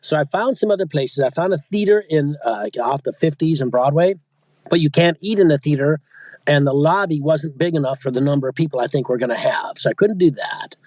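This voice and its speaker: A man's voice: on the high side, brisk, darkish tone, no echo. A man, an audiobook narrator and coach, talking casually in an interview, rambling and often restarting his sentences. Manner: rambling, self-interrupting, chatty.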